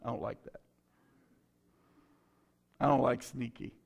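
A man's voice: mid-range voice, flat delivery, unhurried, gravelly, darkish tone. A middle-aged man, a pastor, preaching a sermon with folksy stories and bursts of fervor.

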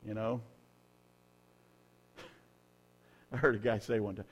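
A man preaching a sermon, telling humorous, folksy stories and rising to loud, emphatic peaks. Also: lowish voice, little pitch movement, measured pace, long pauses, breathy edge, lo-fi sound. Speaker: pastor.

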